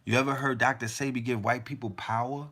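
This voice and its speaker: A man's voice: medium pitch, steady tone, a little fast, pushed and bright. A man hosting a podcast, delivering a heated, profane monologue full of rhetorical questions. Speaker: podcast host.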